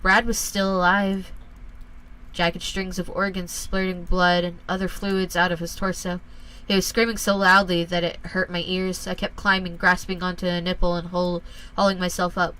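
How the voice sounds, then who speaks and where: A woman reading a first-person horror story aloud in a calm, measured way. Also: lowish voice, low-quality recording.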